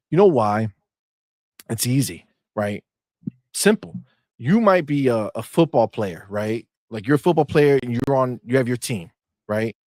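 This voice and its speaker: A man's voice: medium pitch, no echo, clean studio sound. A man co-hosting a casual gaming talk show, slangy and mocking, reading out viewer chat. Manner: animated, slangy, mocking, reads chat aloud. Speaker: podcast co-host.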